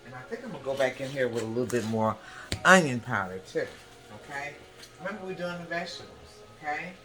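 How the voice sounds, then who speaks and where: A woman hosting a casual home cooking demonstration, talking the viewer through each step and checking in with a quick "okay?" again and again. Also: very deep voice, animated. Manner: chatty, keeps checking in with the viewer by asking "okay?". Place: home kitchen. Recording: echoey kitchen with background music.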